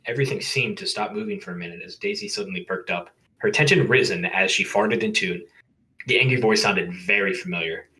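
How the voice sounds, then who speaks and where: Man, low-pitched, bright tone, casual read-aloud, jokey asides. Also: a little fast, rough recording. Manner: reads aloud, breaks off to joke and laugh. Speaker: reader of a fan story.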